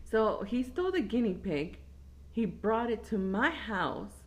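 A woman telling a story in a casual podcast chat, animated and squealing when she quotes herself. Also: a little high, unhurried.

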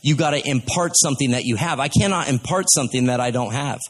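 A man's voice: medium pitch, fast talker. A man preaching a sermon in a folksy, conversational way, telling stories to his congregation.

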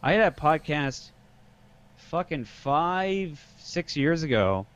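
A young man co-hosting a podcast, telling stories in a profane, animated casual chat. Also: fairly high pitch, slow pace, clear, resonant tone. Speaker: podcast co-host.

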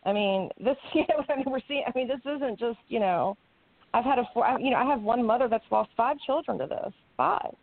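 A woman advocate for families hit by addiction, speaking in a talk show discussion with quick restarts and a gravelly voice. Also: fairly high pitch, no echo. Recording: dry tinny phone line.

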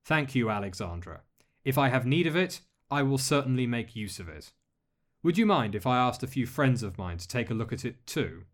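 A man voicing a masked male lord who speaks in a measured, polite way with dry humor. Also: mid-range voice, very animated, lightly acted. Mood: calm. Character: masked male dark lord, calm, courteous, wry.

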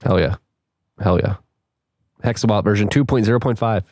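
A man's voice: lowish voice, brisk, darkish tone, dry recording, studio quality. A man co-hosting a podcast, chatting casually and reading out news with jokes, laughs and fillers. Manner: joking, laughs often, trails off with fillers. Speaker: podcast co-host.

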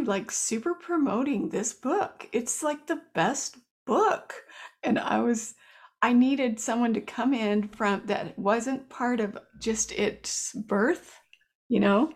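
A woman hosts with a husky, breathy voice, speaking very slowly. She introduces a colleague in a relaxed, admiring tone. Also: mid-range voice. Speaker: host. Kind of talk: casual introduction.

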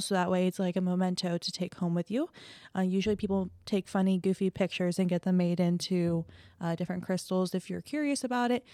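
A chatty woman reads a run of campus event announcements, her voice pitched in the middle of the range. She fills gaps with "um" and "uh" and keeps it casual. The sound is dry and close. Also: mellow, dry recording. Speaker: podcast co-host reading campus announcements. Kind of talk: casual chat.

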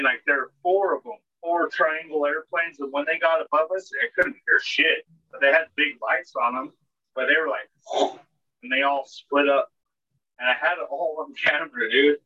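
A man's voice: a little high, moderate pace, sharp tone, breathy edge. A man, co-hosting a podcast and telling a story in a casual, rambling way, full of filler words and swearing. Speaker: podcast co-host. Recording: dull lo-fi podcast audio.

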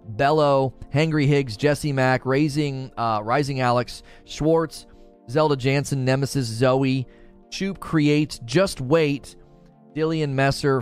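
A man hosting a live stream, reading chat aloud and ranting sarcastically about the news. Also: on the high side. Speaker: livestream host.

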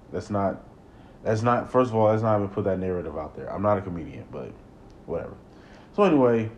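A young man with a low, deep voice talks alone into a close podcast mic. He rambles, stumbles over repeated words, and climbs into loud, high-pitched rants. A faint hiss sits under the recording. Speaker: podcast host. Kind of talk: solo podcast monologue.

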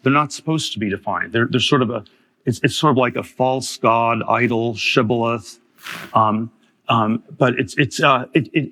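A man in his fifties giving a public lecture, talking haltingly with many restarts and repeated words. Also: mid-range voice, fairly bright tone. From Germany. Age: 50s. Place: lecture hall.

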